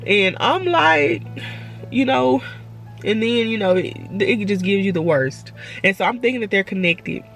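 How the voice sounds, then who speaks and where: A woman's voice: mid-range voice, normal speed, soft background music. A woman vlogging at home, crying and talking in rambling, repetitive bursts with stumbling restarts. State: tearful, crying. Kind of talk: emotional personal vlog.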